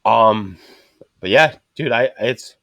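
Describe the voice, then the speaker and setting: A man's voice: medium pitch, slow pace, creaky, dry recording. Blunt, profane man, dry close sound. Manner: blunt and profane, animated storytelling. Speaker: podcast host and rebar worker. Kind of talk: casual podcast chat.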